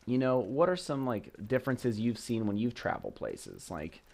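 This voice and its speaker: A man's voice: mid-range voice, huge pitch swings, moderate pace, creaky, darkish tone. A young man from the West Coast chatting casually in a vlog, rambling with lots of "like" and "you know". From Portland, Oregon, US West Coast. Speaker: vlogger. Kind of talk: casual travel vlog chat. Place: away on a work trip.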